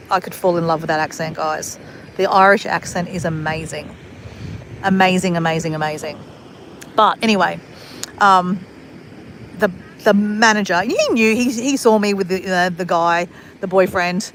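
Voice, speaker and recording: A woman's voice: lowish voice, fairly even intonation, moderate pace, long pauses, fairly bright tone, slight background noise. Chatty Australian-raised woman telling a story. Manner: chatty, rambling, swears casually, laughs often. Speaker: vlogger. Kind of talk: casual storytelling to camera.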